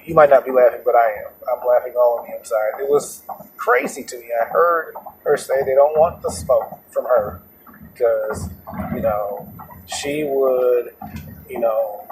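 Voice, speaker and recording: A man who drives for rideshare and hosts the show, telling a story casually in an animated, repetitive way while laughing at it. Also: mid-range voice, measured pace. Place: inside a moving vehicle. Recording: noisy moving car.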